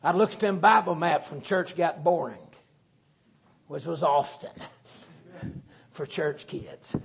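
High-voiced Southern preacher man, folksy. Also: slow pace, gravelly. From Southern United States. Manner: folksy, joking, animated preaching. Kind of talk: sermon.

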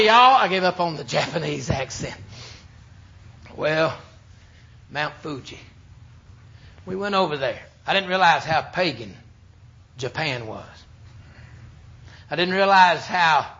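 A preacher in full pulpit mode, his voice a touch high for a man. He swings between booming emphasis and hushed asides. The recording sounds dull and lo-fi. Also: vocal fry. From United States. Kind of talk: sermon.

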